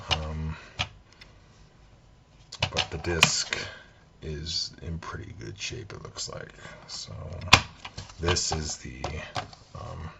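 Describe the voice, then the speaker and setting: Male collector, rumbling gravelly low voice, laid-back rambling chat, noisy home recording. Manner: meandering, relaxed, thinking aloud. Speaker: game collector. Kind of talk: soft-spoken collection chat.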